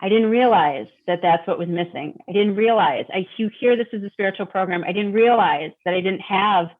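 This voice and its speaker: A woman's voice: medium pitch, fairly quick. A middle-aged woman from Detroit, a guest speaking candidly about recovery, who repeats words and acts out her own thoughts. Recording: tinny phone-like sound.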